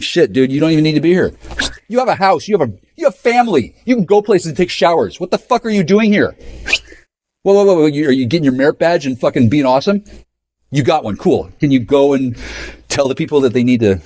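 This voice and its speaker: A man rants alone into his camera, profane and agitated, as if arguing with someone unseen. His mid-range voice leaps into raised outbursts, then drops to a low mutter. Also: darkish tone. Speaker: vlogger. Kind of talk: rambling solo rant to camera.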